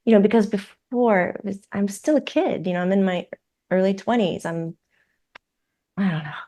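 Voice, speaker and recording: A woman, a psychic medium who is a guest on a podcast, tells stories in a lively way and acts out the voices of the people in them. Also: medium pitch, normal speed. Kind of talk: conversational storytelling.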